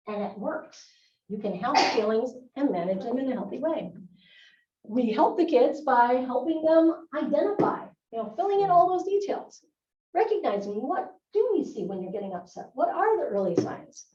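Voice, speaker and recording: A woman's voice: sits high, sing-song, moderate pace, warm tone, a little hiss or hum. A middle-aged woman, a nurse practitioner, giving a live talk to school staff in a chatty, wry way. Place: school room. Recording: echoey dull room recording from far off.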